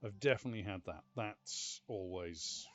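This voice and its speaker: A British man casually chatting and telling stories while playing a game, animated and exclamatory. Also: on the low side, normal speed, highs cut off. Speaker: gaming channel host. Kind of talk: casual gameplay commentary.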